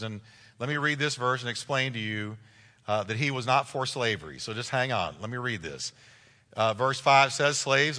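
A man's voice: mid-range voice, bright, forceful tone. A middle-aged man preaching a sermon as a pastor, emphatic and repeating key phrases. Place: church sanctuary. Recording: long reverb of a large hall.

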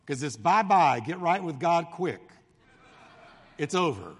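A male pastor preaching a sermon, telling the story with animated delivery and acting out the voices of the crowd. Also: a little high, unhurried, husky, long reverb tail.

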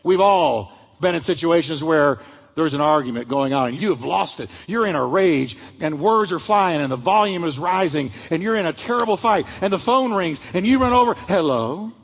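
Male pastor preaching, storyteller who acts out voices, high and lively delivery, recorded in a reverberant sanctuary. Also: moderate pace, vocal fry, husky. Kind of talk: sermon.

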